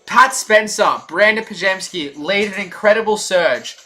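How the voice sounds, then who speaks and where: High-pitched, bright male fan commentator. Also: measured pace, soft background music. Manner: frustrated, profane, shouts and laughs in bursts.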